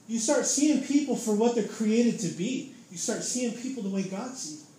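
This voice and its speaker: This young man's high, dark-toned voice is expressive and moves at normal speed as he preaches a casual testimony. Fervent and informal, he keeps saying "man" and "dude." Faint noise sits in a very echoey room.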